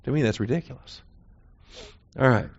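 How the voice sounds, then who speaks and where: A man's voice: mid-range voice, normal speed, slightly rough. A man teaching a Bible lesson in a conversational way, often checking in with his listeners. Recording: dull lo-fi recording.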